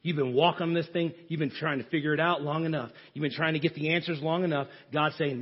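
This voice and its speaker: A man with a high, husky voice delivers a sermon. He drops to near-hushed tones, then climbs to shouting. The recording is dull and lo-fi. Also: fairly even intonation, quick pace, hardly any pauses. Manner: preaching with sudden swings from hushed to shouting. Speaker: pastor.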